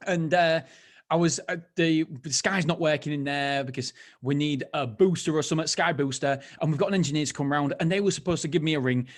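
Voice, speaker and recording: Podcast host, man, conversational and rambling, voice sits a little high. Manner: chatty, rambling, self-interrupting storyteller. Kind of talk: motivational solo podcast talk.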